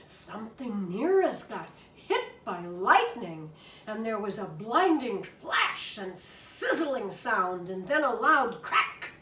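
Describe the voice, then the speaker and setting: A woman reads a children's story slowly and expressively, her high voice rising and falling a lot. She sounds far from the mic in an echoey room. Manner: expressive, animated. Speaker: reader.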